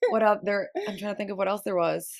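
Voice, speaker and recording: A young woman from Toronto with a Toronto Canadian accent, a deep voice and vocal fry, chatting casually as a podcast guest and laughing often. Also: fairly even intonation, fast. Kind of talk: casual chat.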